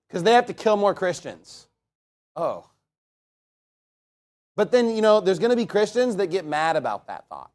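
A man with a notably high voice preaches a blunt, fiery sermon. He swings between loud emphasis and quiet asides, and slows to a solemn cadence when reading scripture. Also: very animated. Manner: reads scripture in slow, solemn tones. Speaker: pastor.

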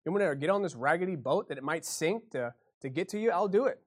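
A man preaching a sermon, swinging from quiet folksy asides to loud impassioned passages and acting out quoted voices. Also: on the high side, lively intonation, quick pace. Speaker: pastor.

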